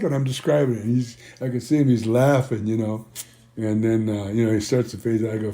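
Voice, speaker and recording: He talks fast in a fairly low, dark voice with a steady tone. The older band founder, an interview guest, rambles through stories with plenty of "you know" and reenacts conversations from years ago.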